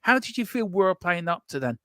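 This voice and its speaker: Opinionated male co-host, animated questions. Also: sits high, fairly quick, no room sound. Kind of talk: live fan stream chat.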